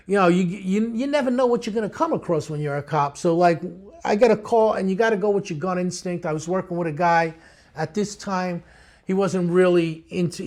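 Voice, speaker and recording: A streetwise older man recounts his police days in an interview. His voice sits fairly high and carries a gravelly edge. He talks bluntly, with plenty of swagger. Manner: streetwise, blunt, animated storyteller. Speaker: retired police detective. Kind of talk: storytelling interview.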